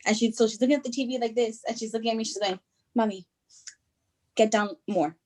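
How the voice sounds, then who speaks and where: A woman chatting on a video call, telling an animated story and acting out her child. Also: on the high side, very fast. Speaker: team member sharing a story. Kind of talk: casual chat on a video call.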